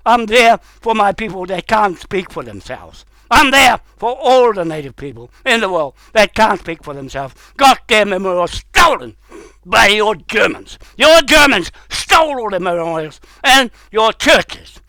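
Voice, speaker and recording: High-pitched New man ranting angrily. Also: very animated, a little slow, no echo, rough recording. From New Zealand. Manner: heated, confrontational, swearing, bursts into shouting. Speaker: vlogger. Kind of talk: angry ranting monologue.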